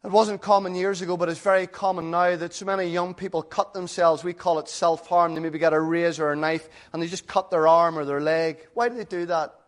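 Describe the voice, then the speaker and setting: A man's voice: on the high side, steady tone, brisk, few pauses. A man preaching a sermon in an earnest, conversational way, full of rhetorical questions.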